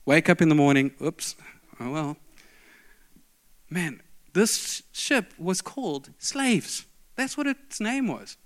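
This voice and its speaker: A man's voice: fairly high pitch, lively intonation, slow pace, pauses often. Man preaching an emphatic sermon. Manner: storytelling preacher, emphatic, varied delivery.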